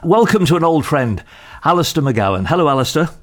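A man's voice: on the high side, big pitch swings, fairly quick. Upbeat male radio host. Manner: upbeat, scripted introductions, questions with fillers. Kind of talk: radio interview hosting.

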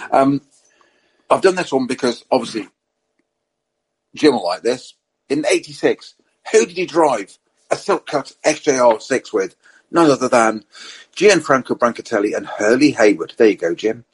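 A man telling lively anecdotes in a relaxed podcast chat, acting out the quotes in his stories. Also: mid-range voice, normal speed, pauses often, husky, rough recording. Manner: animated storyteller, acts out quotes.

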